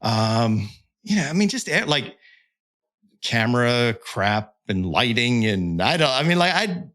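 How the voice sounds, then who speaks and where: A middle-aged content creator and pitching analyst, appearing as a guest on a casual podcast, talks candidly and emphatically with fillers and restarts. His mid-range voice swings widely in pitch, has a fairly bright tone, and moves at an unhurried pace.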